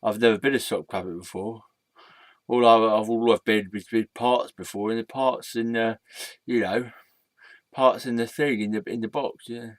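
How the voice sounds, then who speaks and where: A man voicing a gloomy, bored male blue sock puppet who mumbles and grumbles in a low, slow voice. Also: steady tone, no echo, natural voice. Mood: grumbling. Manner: mumbling, mopey, low-energy.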